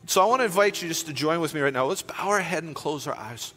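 A man preaching a sermon as pastor, impassioned and repetitive, easing into a hushed prayerful close, in a church sanctuary. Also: a little high, a little fast, few pauses, big-room sound.

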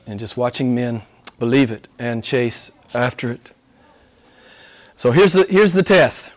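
A man preaching a sermon to his congregation. He talks emphatically and repeats phrases, dropping low and quiet and then climbing high and loud. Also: animated, a little slow.

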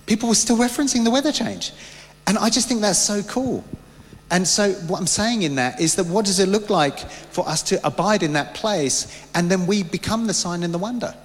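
Fervent male preacher in a reverberant hall. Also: on the high side. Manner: fervent, loose and anecdotal with frequent restarts. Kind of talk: sermon.

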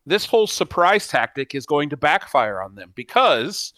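Man, podcast co-host, insistent arguer, bright forceful voice, slightly high, dry sound. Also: sing-song, normal speed, no echo. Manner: argumentative, insistent, makes his case point by point. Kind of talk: casual gaming podcast chat.

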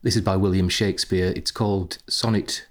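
A man's voice: low voice, steady tone, normal speed. A man leading a reading group in a friendly, hesitant way with many ums. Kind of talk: casual group facilitation.

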